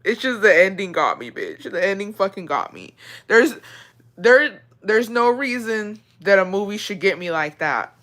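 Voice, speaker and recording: A woman's voice: mid-range voice, expressive, moderate pace, fairly bright tone. A young adult woman vlogger chatting casually with her viewers in an emotional, rambling way, full of swearing.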